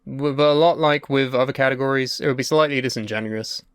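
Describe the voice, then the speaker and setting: A man's voice: mid-range voice, quick pace, smooth, no echo, clean studio sound. A young man co-hosting a podcast in casual, sweary and wry chat about wrestling, sharing strong opinions. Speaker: podcast co-host.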